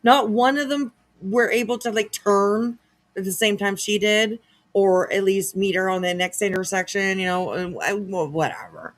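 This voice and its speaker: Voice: medium pitch, normal speed. Chatty reaction host, sarcastic laughing asides, casual commentary between clips.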